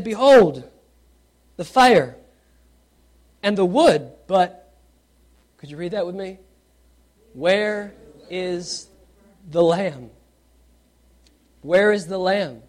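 Slow and often pausing, this preacher with a high voice reads scripture aloud and asks his congregation questions. His sermon alternates loud, energetic questioning with hushed emphasis.

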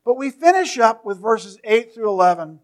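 High-voiced preacher, slow emphatic scripture reading. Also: male voice, big pitch swings. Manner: reads scripture slowly and emphatically, drops to near-whispers at phrase ends. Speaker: pastor. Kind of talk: sermon. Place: church.

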